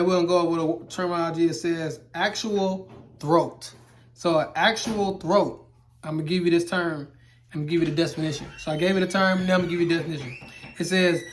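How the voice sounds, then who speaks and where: Rambling man explaining welding terms. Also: high voice. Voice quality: loose, rambling, repeats himself, playful exaggerated asides. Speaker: welding instructor. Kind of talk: casual explainer video.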